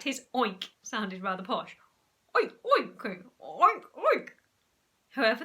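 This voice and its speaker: A woman teacher, reading a storybook aloud in an animated, expressive way. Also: a little high.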